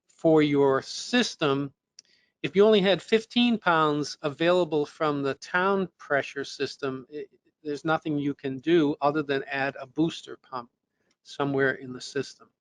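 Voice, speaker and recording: A man's voice: on the high side, no room sound. A man presenting a technical webinar lesson, explaining step by step with fillers and restarts, his voice a little worn. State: losing his voice.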